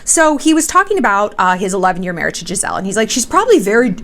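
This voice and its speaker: A young woman hosts her vlog with celebrity gossip and relationship advice. She talks bluntly and sassily, swears freely, and her voice sits at a middle pitch. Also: sing-song, rapid-fire, gravelly, fairly bright tone, a little hiss or hum. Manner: blunt, profane and sassy. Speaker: vlogger host.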